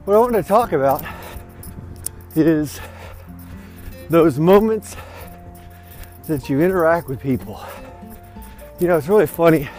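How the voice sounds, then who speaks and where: Man, fairly high voice, rambling upbeat pep talk, slightly winded, outdoors on the move. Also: lively intonation, a little slow, pauses often, darkish tone, soft background music. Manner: rambling, upbeat, repeats "you know what". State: slightly out of breath. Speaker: vlog host. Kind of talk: casual motivational talk. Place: outdoors, walking or running.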